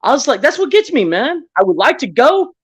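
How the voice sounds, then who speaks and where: A man's voice: very high voice, very animated, brisk, fairly bright tone, breathy edge. A man on an online audio panel who beatboxes and then tells rambling, earnest stories. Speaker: panel guest. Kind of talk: beatboxing and casual chat.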